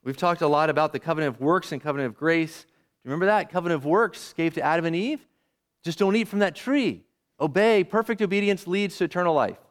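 A man's voice: a little high, fast talker. A male pastor preaching a sermon in an emphatic, conversational way, asking his listeners questions as he teaches.

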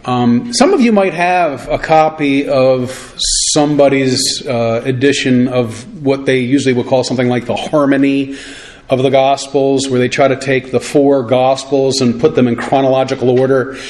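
A man giving a relaxed, conversational sermon at an ordinary middle pitch. He talks easily with frequent fillers and slows down when he reads scripture. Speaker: preacher.

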